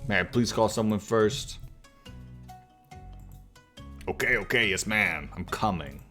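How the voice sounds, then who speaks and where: A man's voice: on the low side, lively intonation, takes it slowly, bright, forceful tone, soft background music, full character voice. Man doing a sheepish bully cat. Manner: stammering, overly formal, sheepish. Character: sheepish young male bully cat with fake accent.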